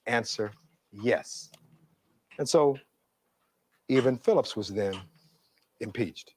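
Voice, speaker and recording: A man's voice: mid-range voice, unhurried, pauses often, darkish tone, dry recording. A middle-aged man, a defense attorney giving a courtroom closing argument, reading testimony aloud and posing rhetorical questions in an oratorical way.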